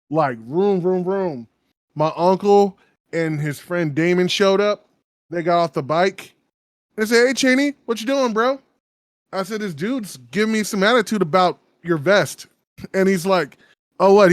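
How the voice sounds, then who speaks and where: A man's voice: high voice, no room sound, clean studio sound. A man in his thirties co-hosting a podcast, telling a story casually, laughing often and acting out other people's lines. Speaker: podcast co-host.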